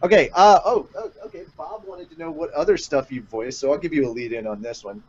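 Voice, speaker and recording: A man's voice: fairly high pitch, big pitch swings, brisk, a little mellow, husky. A man hosting a fan podcast, reading listener comments aloud in a rambling, joking way. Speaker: podcast host. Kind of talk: casual podcast chat. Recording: dull lo-fi stream audio.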